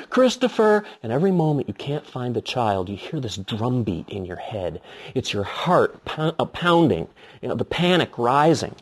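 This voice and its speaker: Man, middle-aged, preacher, sermon, husky, lively pitch. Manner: animated storytelling with acted quotes.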